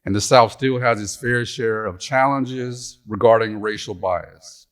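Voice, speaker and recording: A man's voice: fairly low pitch, a little slow, fairly bright tone. A middle-aged man and retired pastor giving a storytelling conference lecture, folksy and humorous, on a stage mic. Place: conference hall.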